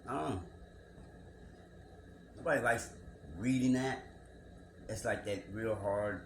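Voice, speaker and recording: A man reading a scripture passage aloud and musing over it, asking rhetorical questions and repeating his words. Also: fairly low pitch. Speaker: scripture commentator. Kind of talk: reflective bible commentary monologue. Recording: echoey room with background noise.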